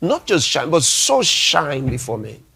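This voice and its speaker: A man's voice: fairly high pitch, wildly swooping pitch, gravelly, sharp tone, breathy edge. A man preaching a sermon as a pastor, delivering emphatic lines, repeating key phrases and reading scripture aloud. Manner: reads scripture aloud slowly.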